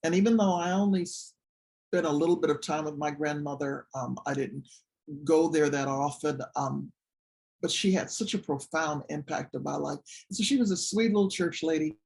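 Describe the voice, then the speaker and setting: A recovery support group leader giving a personal, testimony-style talk, telling stories with animation and swinging from excited highs to soft low asides. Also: moderate pace, creaky. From Washington, DC area.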